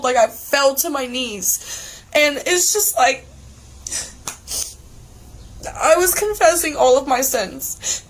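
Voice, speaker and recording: A woman's voice: on the high side, fairly bright tone. Tearful woman giving an earnest testimony. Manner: earnest, halting, many restarts and fillers. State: tearful, on the verge of crying. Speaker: testimony giver. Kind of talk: emotional personal testimony.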